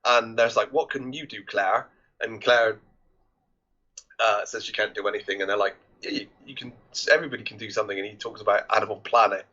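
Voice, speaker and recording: Guy on a movie podcast, bright voice, dull lo-fi audio, keeps restarting. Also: fairly low pitch, fairly even intonation, quick pace. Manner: retells scenes quoting characters, many restarts. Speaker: podcast co-host. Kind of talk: casual film discussion.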